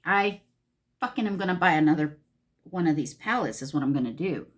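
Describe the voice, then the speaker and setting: A woman's voice: low-pitched, lively intonation, a little fast, a little hiss or hum. A woman from Los Angeles gushing and talking to herself as she chats casually through a makeup tutorial. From Los Angeles, California. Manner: gushing, talks to herself while applying makeup. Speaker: beauty vlogger.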